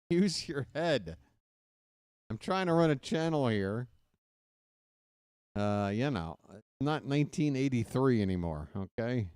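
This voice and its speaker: A man's voice: mid-range voice, expressive, slow pace, long pauses, darkish tone, clear, resonant tone, dry recording, studio quality. A man hosting a baseball play-by-play livestream, chatting casually with viewers after the game and calling them folks. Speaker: play-by-play host.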